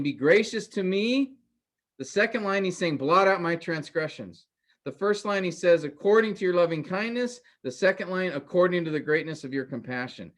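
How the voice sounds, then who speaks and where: Man lecturing a Bible class. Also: high-pitched. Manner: explanatory, addresses class as guys and men; repeats points with rhetorical questions. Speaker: Bible teacher.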